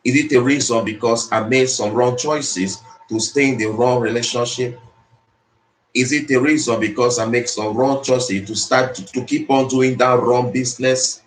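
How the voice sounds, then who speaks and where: Motivational speaker, man, mid-pitched, preachy and repetitive, in an echoey room. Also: steady tone, moderate pace, a little hiss or hum. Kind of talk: motivational speech. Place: speaking to an audience in the Philippines. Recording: roomy echo.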